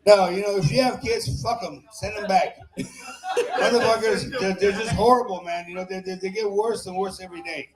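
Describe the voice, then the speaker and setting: At normal speed and with a high voice, a stand-up comic works a small bar's stage over a noisy crowd. His open-mic material is crude and meandering, he laughs at his own lines into a handheld mic, and the room echoes.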